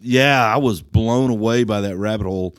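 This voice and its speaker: A man's voice: fairly low pitch, normal speed, clear, resonant tone, dry recording. A man hosting a podcast, asking friendly questions in a casual chat. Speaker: podcast host.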